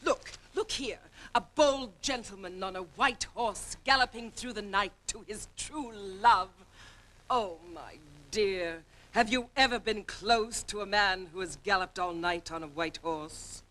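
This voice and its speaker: An actress playing a pompous, domineering aunt and guardian in a stage musical, grand and theatrical. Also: female voice, mid-range voice, a little slow, a bit bright, lightly acted. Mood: condescending. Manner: grandly theatrical, haughty and scolding.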